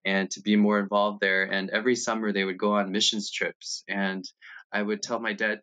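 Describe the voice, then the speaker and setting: A man in his thirties from the United States, candidly telling his life story in an interview, halting at times and animated when retelling scenes. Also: lowish voice. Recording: dull, lo-fi sound.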